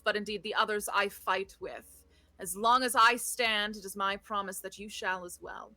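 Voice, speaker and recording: A proud knight who rules her castle speaks with formal command, voiced by a woman. Her tone is bright and forceful, and the sound is dry and close. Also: mid-range voice, dry recording. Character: proud stern female knight, lord of a castle.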